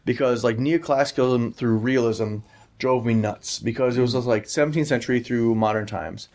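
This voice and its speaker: A young man hosting a casual film chat, rambling and excitable, with frequent profanity. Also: mid-range voice, moderate pace.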